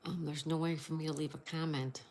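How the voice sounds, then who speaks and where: Woman streaming crosswords, lowish voice, friendly chatter, spells answers out. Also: fairly even intonation, brisk, a little mellow, slight background noise. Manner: greets viewers and reads chat aloud. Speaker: livestream host. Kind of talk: casual livestream chat.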